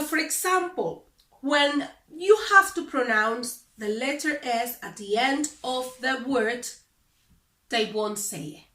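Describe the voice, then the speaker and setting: A Spanish teacher from the Dominican Republic, speaking English with a Dominican Spanish accent, explaining things deliberately and correcting common claims. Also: female voice, high-pitched, pushed and bright. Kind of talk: explanatory lesson to camera. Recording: echoey room, mic at a distance.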